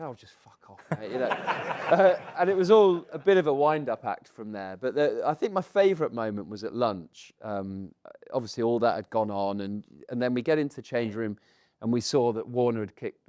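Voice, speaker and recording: A man in his thirties, a podcast co-host, telling a lively anecdote to a live audience, acting out quotes and often laughing. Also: mid-range voice, no echo, clean studio sound. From England. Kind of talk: animated storytelling to a live audience. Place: stage in front of a live audience.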